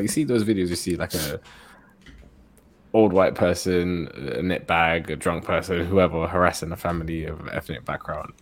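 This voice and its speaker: A young man tells a story on a laid-back podcast from his bedroom at home. His voice sits very low and comes out husky. He keeps the telling animated and laughs easily. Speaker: podcast co-host. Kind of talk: casual storytelling chat.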